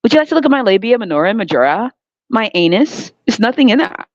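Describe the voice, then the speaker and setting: A woman's voice: fairly high pitch, very animated, fast, dry recording. A woman mocking a prim, eager-to-please woman. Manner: mocking, breathless over-politeness. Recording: dull, dry lo-fi recording.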